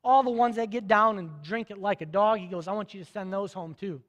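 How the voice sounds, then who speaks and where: Male pastor, high voice, lively storytelling sermon, long echo of a big hall. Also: a little fast, muffled recording. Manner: storytelling, voicing biblical characters in casual modern speech.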